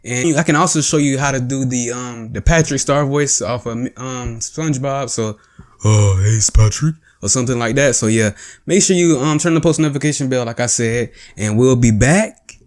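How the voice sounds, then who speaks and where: A man's voice: mid-range voice, brisk. Chatty man explaining a voice tutorial. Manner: chatty, repetitive, explains step by step with fillers. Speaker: voice tutorial host. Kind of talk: casual instructional talk.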